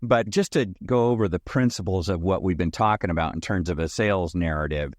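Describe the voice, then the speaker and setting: A man guesting on a podcast, telling an animated anecdote in a conversational way. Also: sits low, fairly quick, no room sound, studio quality. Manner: animated anecdote teller who acts out both sides. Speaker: podcast guest, sales consultant. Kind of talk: conversational storytelling.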